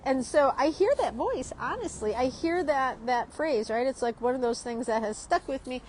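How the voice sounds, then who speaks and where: A woman with a somewhat high voice talks in a casual, rambling way while she sits at an outdoor street café. She keeps asking "right?" and laughs easily. Faint street ambience sits behind her. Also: expressive, normal speed, darkish tone, slight background noise, low-quality recording. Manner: chatty, rambling, often adds "right?", laughs a lot. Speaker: art teacher vlogging.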